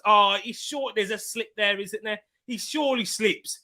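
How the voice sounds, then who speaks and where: A young man hosting a live football watchalong, chatting casually and bursting into loud excited shouts at big moments. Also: sits high, moderate pace. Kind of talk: live match commentary and chat.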